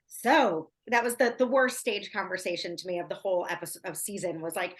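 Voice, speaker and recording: A woman's voice: lowish voice, steady tone, brisk, a little hiss or hum. A woman co-hosting a casual chat, talking loosely with lots of fillers. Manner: chatty, lots of "like". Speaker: podcast co-host.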